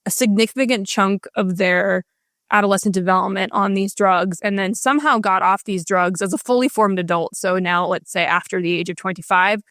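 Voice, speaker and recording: A woman's voice: medium pitch, fairly bright tone, no room sound. Impassioned woman, dry close sound. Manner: impassioned, emphatic, talks in rushes with restarts. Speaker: guest author. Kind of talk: candid interview conversation.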